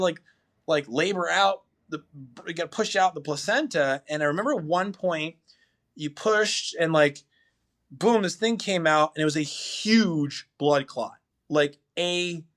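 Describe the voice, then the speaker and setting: Male podcast guest, slightly raised pitch, casual and rambling, animated storyteller.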